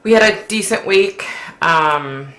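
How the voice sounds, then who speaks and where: A woman's voice: deep voice, lively intonation, takes it slowly, a bit bright, roomy sound. A woman hosting a casual live stream, chatting with viewers and reading their comments aloud, with lots of "like" and "you know.". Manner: chatty, says "like" and "you know" a lot, reads out chat messages. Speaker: livestream host, psychic.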